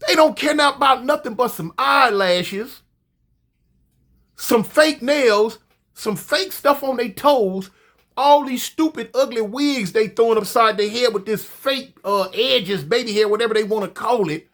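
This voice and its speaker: A man telling a story casually, animated and profane, often stammering and repeating himself. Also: very high voice, measured pace.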